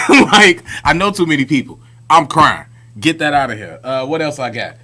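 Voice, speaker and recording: A man's voice: mid-range voice, very animated, brisk, sharp tone. A man co-hosting a podcast, telling stories in a chatty, slangy, casual way. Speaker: podcast co-host. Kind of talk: casual chat.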